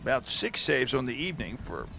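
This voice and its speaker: Gravelly-voiced male football commentator. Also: medium pitch, sing-song, brisk, background noise. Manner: chatty, reflective asides between plays. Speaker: play-by-play commentator. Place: stadium commentary booth with air conditioner.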